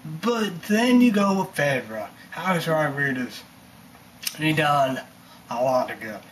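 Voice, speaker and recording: A vlogger delivers a loose, rambling on-camera rant full of fillers and repetition. His voice is on the high side and animated but slow-paced, with slight background noise.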